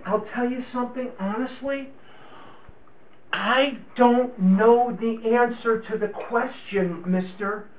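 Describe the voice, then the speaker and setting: Man giving a slow personal testimony, tinny. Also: extremely high pitch. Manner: slow and reflective, with repeated words; candid and confessional. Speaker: speaker sharing a personal recovery story. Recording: tinny phone-like recording.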